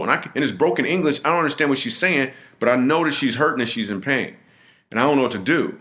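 A man's voice: medium pitch, expressive, fast, sharp tone. A middle-aged man, a comedian guest on a podcast, telling a personal story in an earnest, vivid way, often restarting and repeating himself.

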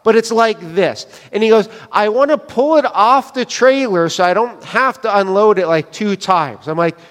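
High-pitched guy preaching, chatty and jokey with his church, walking around w a wireless mic, lots of hall echo. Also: moderate pace, hardly any pauses. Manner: conversational, joking with the congregation. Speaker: pastor. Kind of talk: sermon. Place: church sanctuary. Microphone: wireless mic, moving around.

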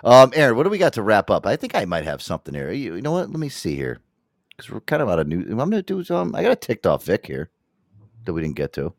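A man hosting a casual podcast, animated and jokey, swearing often. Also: on the low side, quick pace, no echo, clean studio sound. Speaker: host.

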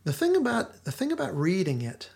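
A man's voice: sits high, huge pitch swings, brisk, gravelly, darkish tone. A male podcast host casually discussing a TV episode, retelling its scenes with lots of restarts and fillers.

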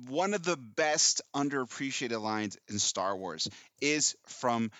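A man's voice: mid-range voice, lively intonation, a little slow, bright, forceful tone, no echo. A middle-aged man hosting a casual podcast, joking and bantering with his guest. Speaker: podcast host.

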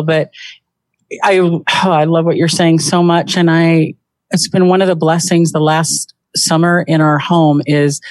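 A woman talking as a podcast guest in a lively, animated way, laughing often. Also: low voice, no room sound. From United States. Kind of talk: casual conversation.

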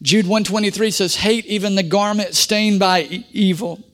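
Middle-aged preacher guy, high voice, calls for amens, gets loud then drops quiet. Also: fairly even intonation, normal speed. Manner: call-and-response preaching, swings from loud to quiet. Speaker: pastor. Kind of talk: sermon.

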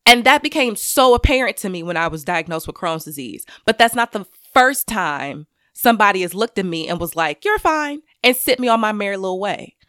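A woman giving an intense personal monologue to camera, swearing freely and swinging between loud anger and quiet grief. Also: mid-range voice, animated, brisk, few pauses, no room sound, studio quality. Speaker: commentator speaking to camera.

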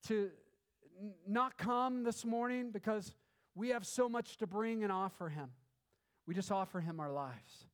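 High-voiced man preaching a sermon. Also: unhurried, clean tone. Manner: conversational, with bursts of fervent emphasis; filler-heavy, restarts phrases. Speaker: pastor.

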